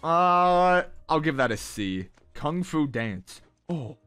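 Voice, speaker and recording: Excitable young guy ranking game emotes. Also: a little high, slow pace, clear, resonant tone, soft background music. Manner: excitable, animated, slangy. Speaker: gaming content creator. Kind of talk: casual reaction commentary.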